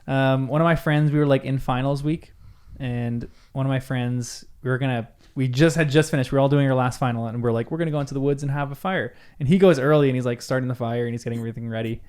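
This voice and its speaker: A young man co-hosting a casual podcast, telling a story among friends. He gets animated and acts out the people he quotes. His voice sits at an ordinary middle pitch. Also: quick pace, clear, resonant tone. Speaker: podcast co-host. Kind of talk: casual storytelling in group chat.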